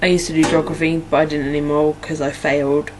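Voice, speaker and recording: A young English woman from Norfolk talks fast in a deep voice with little pitch movement, rambling through her followers' questions as a vlogger. The chat is casual and peppered with "like" and "um." Background noise is audible.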